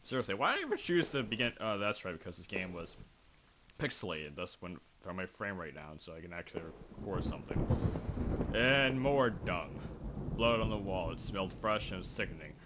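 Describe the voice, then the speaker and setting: Low-voiced young man rambling over gameplay. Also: sing-song, normal speed, noisy background. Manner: rambling and self-joking, reads in-game text aloud. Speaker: gaming video host. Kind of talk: casual let's play commentary. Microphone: desk microphone.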